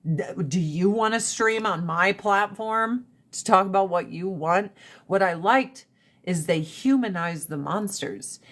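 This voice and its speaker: A blunt woman hosting a live stream from her phone, speaking at a middle pitch. She chats casually and swears freely. When a point grabs her, she climbs into an emphatic rant. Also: unhurried, fairly bright tone. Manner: blunt, profane and opinionated, rants with rising emphasis. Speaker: livestream host. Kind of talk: casual livestream chat.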